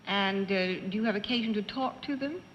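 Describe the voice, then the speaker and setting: A woman's voice: mid-range voice, brisk, a little hiss or hum. A poised woman on a game show panel, asking methodical yes-or-no questions. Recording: dull, reverberant 1950s TV studio broadcast.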